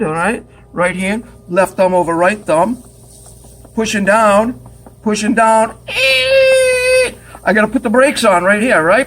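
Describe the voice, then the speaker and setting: A man's voice: high voice, a bit bright. A man teaching pottery at the wheel in a studio, chatty and joking as he demonstrates step by step.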